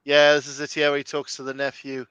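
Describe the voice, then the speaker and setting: A man's voice: fairly high pitch, completely flat delivery, fast talker, sharp tone, clean tone, no room sound, dull audio. A man hosting a casual movie watch-along commentary, chatty and full of film trivia. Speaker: host.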